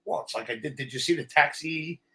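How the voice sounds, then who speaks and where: A middle-aged man, an actor guest telling stories in a casual interview, blunt and animated. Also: a little high, fairly quick.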